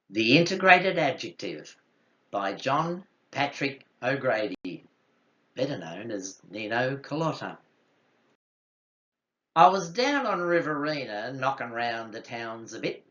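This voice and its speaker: A man hosting a poetry channel who recites rhyming verse in a rhythmic, expressive way and chats to viewers. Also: medium pitch, lo-fi sound. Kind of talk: poetry recitation and video chat.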